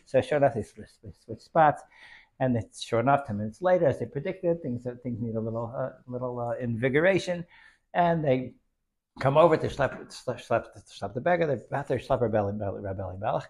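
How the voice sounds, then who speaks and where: A man's voice: mid-range voice, expressive, brisk, a little mellow. A man telling a Hasidic story in an informal lesson, rambling with many restarts and dropping in Yiddish and Hebrew terms.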